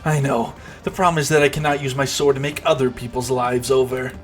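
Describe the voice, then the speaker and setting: A bloodthirsty former villain swordswoman mourns her old weapon, voiced by a man. She speaks in lofty, formal phrases at an ordinary middle pitch, with faint music in the background. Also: steady tone, fairly quick, close to an everyday voice. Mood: wistful.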